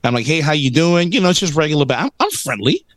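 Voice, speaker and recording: A man's voice: on the high side, fast, dry recording. A man chatting casually, telling a story and acting out the other people in it. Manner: animated storyteller, acts out quotes. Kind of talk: casual chat.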